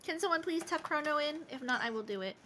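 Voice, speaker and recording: A woman's voice: high voice, expressive, fast, a bit bright, slight background noise. A woman streaming a game, chatting casually, giggling and reading chat messages aloud.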